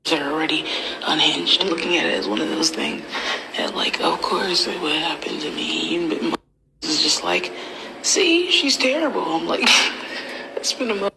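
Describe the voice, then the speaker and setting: Young woman, deep voice, profane confessional rant, half-whispered, noisy phone recording. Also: normal speed, creaky. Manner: profane, half-whispered venting with bursts of loud mocking quotes. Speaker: comedian and internet personality.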